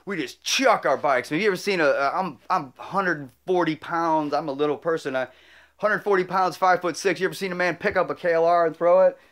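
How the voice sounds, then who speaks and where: A man's voice: a little high, a little fast, a bit bright. A man telling a heartfelt personal story in an earnest, rambling way, full of restarts and growing emotional. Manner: emotional, choking up. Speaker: motorcycle travel vlogger.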